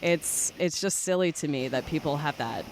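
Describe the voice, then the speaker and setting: A woman's voice: low-pitched, moderate pace, very noisy. Candid woman hosting a round-table chat. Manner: candid, self-mocking, animated. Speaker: podcast host.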